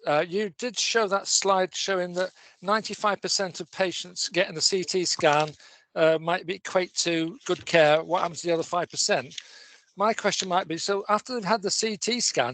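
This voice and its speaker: A man with a high, slightly bright voice speaks on a conference panel as a patient representative, captured in a dry recording. He rambles and probes, firing off one pointed question after another.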